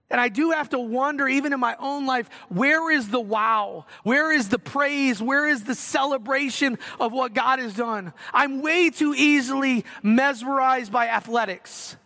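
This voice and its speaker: Bright-voiced man preaching in a reverberant hall. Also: extremely high pitch. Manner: earnest, swings from loud exclamations to quiet reflection. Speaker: pastor. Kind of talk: sermon.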